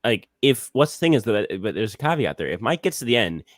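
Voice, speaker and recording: A man's voice: mid-range voice, sing-song, fast, no echo, studio quality. A young man hosting a casual podcast, rambling with frequent restarts and repeated words. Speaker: podcast host.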